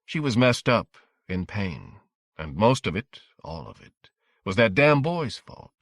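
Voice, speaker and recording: A man reading a horror audiobook in a measured, dramatic storytelling manner. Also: lowish voice, sing-song, dry recording, studio quality. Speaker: audiobook narrator. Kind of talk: scripted audiobook narration.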